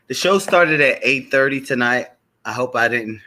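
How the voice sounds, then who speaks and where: A man's voice: medium pitch, moderate pace, bright, forceful tone. A man hosting a live stream show, chatting casually, greeting viewers by name and repeating his welcomes.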